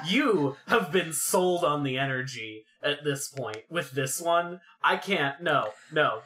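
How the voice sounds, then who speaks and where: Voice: mid-range voice, animated, slow pace, sharp tone. A podcast co-host in casual chat, playfully dramatic and mock-indignant while rating things.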